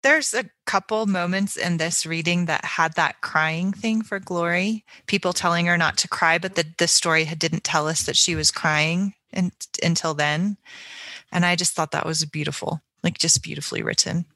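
A woman co-hosting a book podcast, reading a passage from a novel aloud in a measured, reflective way. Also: on the low side, steady tone, sharp tone, no echo. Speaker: book club podcast co-host.

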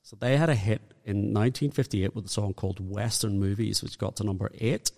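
A man's voice: fairly low pitch, steady tone, brisk, gravelly, darkish tone, in a large hall. A man with a Northern Irish accent co-hosting a podcast, chatting casually and reeling off dates and facts. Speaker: podcast co-host. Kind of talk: casual chat.

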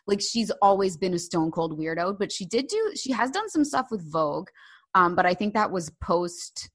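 A woman co-hosting a podcast in casual chat, talking in an animated way with lots of "like" fillers. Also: medium pitch, normal speed. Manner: chatty, animated, frequent "like" fillers. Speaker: podcast co-host.

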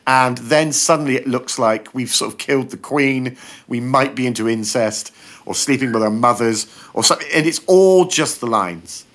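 A man, a comedian, talks as a guest on a podcast. He tells his stories with energy and acts out the quoted lines in changing voices. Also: moderate pace. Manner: animated, acts out quotes with shifting pitch. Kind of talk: casual podcast chat, storytelling.

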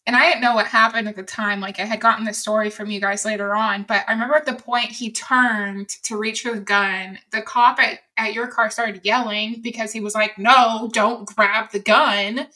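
A woman's voice: medium pitch, fairly even intonation, brisk, few pauses, pushed and bright, poor audio. A young woman co-hosting a podcast, recounting a story in a casual, chatty way with fillers and laughter. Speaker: podcast co-host.

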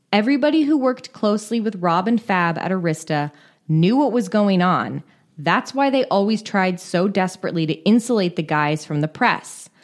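Woman co-host reading a pop story. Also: on the low side. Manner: reads quotes aloud, breaks into laughter. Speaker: podcast co-host. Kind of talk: reading a script with casual asides.

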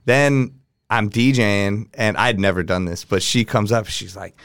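A man's voice: fairly low pitch, normal speed, fairly bright tone, clear, resonant tone, no room sound, clean studio sound. A man, a DJ guest on a podcast, telling stories in casual chat, laid-back, swearing freely and acting out what people said.

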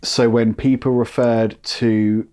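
A man in casual podcast chat, trading deadpan jokes with halting starts. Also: medium pitch. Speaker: podcast co-host or guest.

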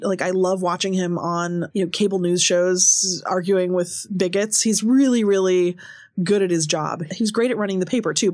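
Woman interview guest, lively storytelling, frequent laughs, dry close sound. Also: medium pitch, no echo. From Seattle area. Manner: animated, laughs often, quick asides.

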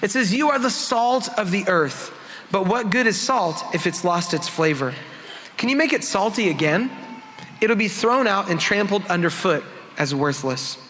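A man's voice: high-pitched, expressive, moderate pace, bright, forceful tone, in a large hall, a little hiss or hum. A man, a worship pastor, giving a conversational sermon full of self-deprecating personal stories in a church sanctuary.

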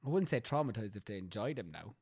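Teasing Irish woman with lively pitch. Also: fast, breathy edge. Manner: teasing, plays a mock sales pitch in a low voice. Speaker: podcast co-host. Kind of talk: casual chat.

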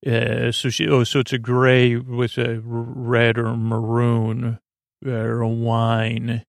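A man's voice: medium pitch, monotone, slow pace, gravelly, dry recording, studio quality. A man hosting a sleep-aid podcast, recapping an episode in a meandering, hesitant way as he thinks aloud. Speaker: podcast host.

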